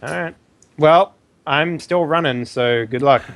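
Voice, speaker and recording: Swearing, argumentative tabletop player. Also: male voice, fairly high pitch, measured pace, creaky. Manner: argumentative, sarcastic, swears often. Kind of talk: casual tabletop play.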